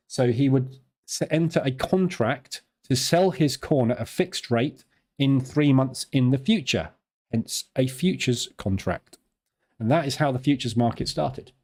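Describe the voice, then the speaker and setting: A man's voice: mid-range voice, normal speed, a little mellow. A British man hosting a live trading stream, chatting and joking in a digressive way.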